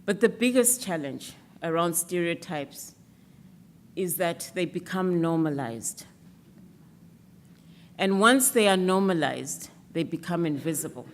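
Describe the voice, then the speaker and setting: A woman giving an earnest, measured speech at an awards event, with some fillers. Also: on the low side, lively intonation. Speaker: speaker presenting an alliance against stereotypes.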